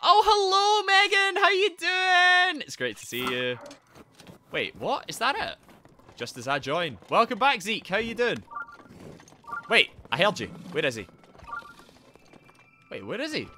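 A Scottish man commentating his gameplay live, greeting viewers and yelling in panic when things go wrong. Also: a little high, unhurried, long pauses, a little hiss or hum. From Scotland. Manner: excitable, yelps and shouts in panic, greets chat. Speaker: streamer.

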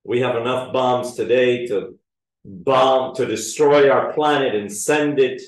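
A man delivers a sermon at a measured, unhurried pace. He swells with emphasis on his scripture readings. His voice carries from a distance in an echoey church. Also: mid-range voice. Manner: preaching with rising emphasis on scripture quotes. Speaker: pastor.

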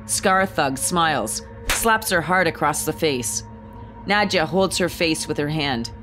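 A woman narrating a screenplay, reading the scene directions in a calm, even way. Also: sits low, unhurried, over music.

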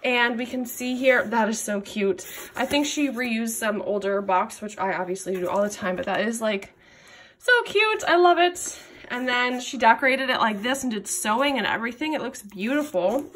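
A woman hosting an unboxing vlog at a craft table, gushing with excited exclamations over each item. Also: fairly high pitch, moderate pace, a little hiss or hum. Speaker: craft channel host.

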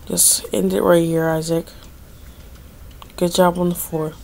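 A woman's voice: fairly low pitch, level tone, measured pace, vocal fry, darkish tone, slight background noise. A young woman giving casual gameplay commentary, dramatic and pleading, complaining that luck is against her. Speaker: gaming video creator.

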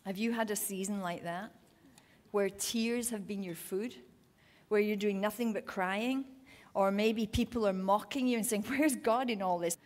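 A woman preaching to a women's gathering, reading scripture passages aloud and then urging her listeners on, clearing her throat now and then. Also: mid-range voice, unhurried. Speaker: women's ministry speaker.

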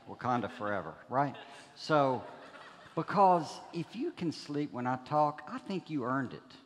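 Guy preaching as a guest, cracking jokes, um-ing a lot, long echo from the church hall. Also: medium pitch. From Alabama. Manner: folksy, joking, chatty with many fillers. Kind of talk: sermon with jokes. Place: church sanctuary.

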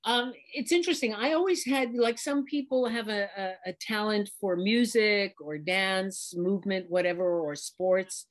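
Middle-aged woman, from New York City, dialect coach being interviewed, expressive and chatty, mid pitch. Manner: animated, expressive, talks in images and examples. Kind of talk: casual interview talk.

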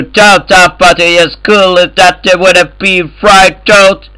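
A man trolling other players in game voice chat, loud and profane, speaking in broken English. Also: high voice, steady tone, slow pace, clear, resonant tone, dry recording, low-quality recording. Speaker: gamer in voice chat.

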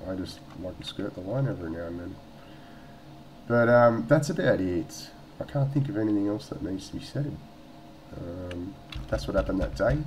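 Aussie bloke rambling through a story at home, sweary, lowish voice, faint hiss behind. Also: male voice, lively intonation, moderate pace, a little mellow, low-quality recording. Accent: Australian. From Australia. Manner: rambling, sweary, lots of fillers and restarts. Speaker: vlogger. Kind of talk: casual storytelling vlog.

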